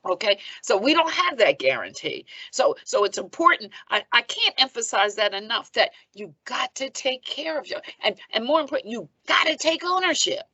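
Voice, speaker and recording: A woman's voice: on the high side, very animated, moderate pace, hardly any pauses, bright, forceful tone, breathy edge, no room sound, dull audio. A woman in her seventies from Philadelphia, a reverend speaking as a podcast guest, emphatic and preacherly, often checking in with "okay?". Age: 70s. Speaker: guest, reverend and foundation president. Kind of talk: conversational podcast interview.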